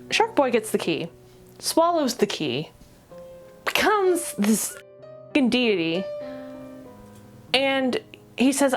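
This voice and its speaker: A woman reviewing an anime in a ranty vlog, exasperated, rapid and swearing. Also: fairly high pitch, big pitch swings, soft background music.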